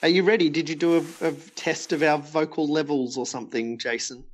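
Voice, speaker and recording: A man's voice: on the high side, brisk, low-quality recording. A man co-hosting a podcast, friendly and teasing, asking his guests lots of questions. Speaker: co-host. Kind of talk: casual chat.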